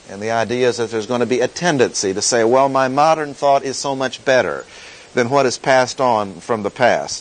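Man teaching scripture, lively pitch. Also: poor audio. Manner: deliberate, emphatic repetition. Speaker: pastor teaching. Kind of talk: expository Bible teaching.

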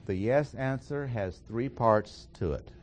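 A man teaching a sermon in a slow, deliberate, emphatic way with pauses. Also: medium pitch, a little mellow, slight background noise. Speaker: preacher.

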